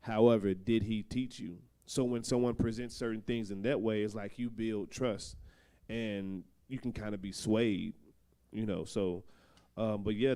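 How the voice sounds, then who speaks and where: A man's voice: fairly low pitch, warm tone, smooth. A young man talking candidly and loosely in a panel discussion, laughing now and then.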